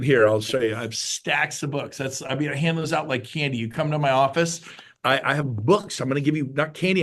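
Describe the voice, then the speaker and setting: A man in his fifties from California, a real estate agent on a webinar panel, giving an excitable motivational pitch. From California, USA.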